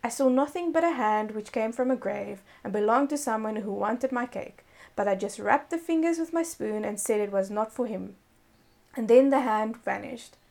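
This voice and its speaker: A woman reads an old fairy tale aloud, her voice pitched a little high with a gravelly edge at the bottom. She tells it gently and steadily, like a bedtime story, and stops now and then to fix a stumbled word. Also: moderate pace. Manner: gentle read-aloud storytelling with self-corrections.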